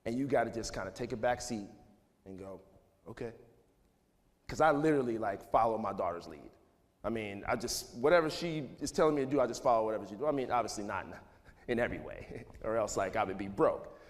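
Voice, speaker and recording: A man's voice: fairly low pitch, lively intonation, brisk. Rambling man in his thirties, echoey hall. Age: 30s. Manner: loose and rambling, full of "like" and "you know", chuckles often. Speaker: speaker addressing students. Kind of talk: casual motivational talk. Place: large school auditorium. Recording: echoey hall with faint noise.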